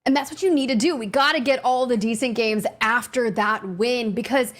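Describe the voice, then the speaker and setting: A woman's voice: a little high, normal speed. A woman co-casting a live esports broadcast, talking through the standings in a conversational, playful way. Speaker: esports caster.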